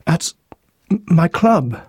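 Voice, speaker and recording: A man's voice: on the high side, very animated, slow pace, darkish tone, slightly rough, dry recording, studio quality, pitched above the performer's own voice, full character voice. A man voicing a distraught husband who pleads frantically in an audiobook mystery. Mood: grief-stricken. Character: distraught grieving husband, middle-aged man. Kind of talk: audiobook character voice.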